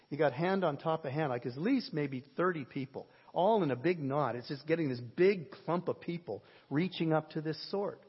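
A man preaching a sermon, telling a story in an animated way, with a husky voice. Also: on the high side. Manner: animated, jokes and shouts at peaks. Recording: lo-fi sermon audio with long hall reverb.

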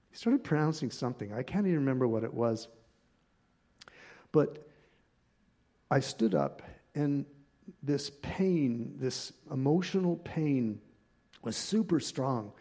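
A pastor preaching to his congregation with a gravelly, creaky edge to his voice, pitched right in the middle for a man. He tells a personal story in a lively, conversational way. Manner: animated personal storytelling, laughing at times. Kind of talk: sermon storytelling.

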